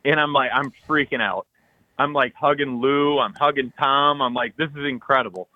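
A man co-hosting a podcast, telling an excited hunting story full of acted-out quotes and loud bursts. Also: medium pitch, normal speed, dry recording, dull audio. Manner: animated, loud bursts, frequent "like", acts out texts and quotes.

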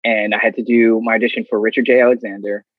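A man with a husky, slightly breathy voice tells stories casually and acts out other people's lines with energy. The sound is dry and close, in a dull, slightly muffled recording. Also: lowish voice, little pitch movement, fast talker, dry recording. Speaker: guest. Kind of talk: casual storytelling.

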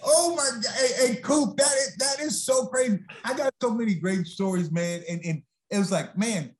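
A man, a former football player, chatting as a podcast guest in a lively, exclaiming way. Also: very high voice. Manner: lively, animated storyteller, quick to exclaim. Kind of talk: casual interview chat.

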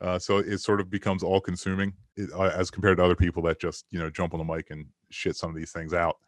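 A podcast guest in his forties from Maryland, USA, who makes film commentary, tells long roundabout stories in casual chat and laughs often. His low voice is completely flat and quick, with no echo.

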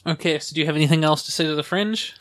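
A man co-hosting a podcast and running the recording setup, easygoing and quick to laugh. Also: a little high, fairly bright tone. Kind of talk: casual chat. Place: small studio.

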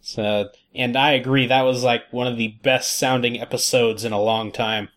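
A man hosting a podcast in casual chat, relaxed and rambling with lots of fillers. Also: medium pitch, normal speed. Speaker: podcast host.

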